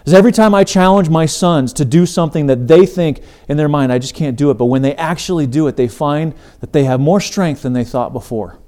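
A man's voice: on the high side, a little fast, hardly any pauses, dark tone. A middle-aged man hosting a faith podcast, delivering an earnest, emphatic sermon-style talk. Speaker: podcast host.

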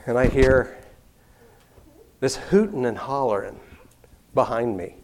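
A man's voice: mid-range voice, takes it slowly. An older man telling a personal story in an easygoing way, chuckling often and restarting his sentences.

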